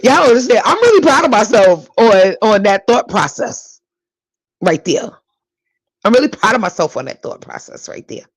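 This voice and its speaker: A woman's voice: mid-range voice, very animated, moderate pace, breathy edge, no room sound, poor audio. Chatty Brooklyn woman hosting a podcast, dry sound. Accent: New York. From Brooklyn, New York. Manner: chatty, repeats herself for emphasis, talks straight to listeners. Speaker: podcast host. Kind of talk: casual solo podcast monologue.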